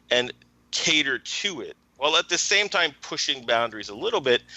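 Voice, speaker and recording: Bright-voiced man explaining marketing. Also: mid-range voice, no echo, highs cut off. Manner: thoughtful, explanatory, frequent "um" and "right?". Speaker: marketing teacher and podcast guest. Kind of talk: casual podcast interview.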